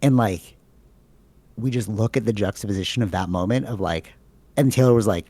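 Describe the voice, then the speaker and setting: Male podcast co-host, low and gravelly, rambling casual talker. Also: brisk, dark tone, no room sound. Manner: rambling, filler-heavy, says "like" and "bro" a lot.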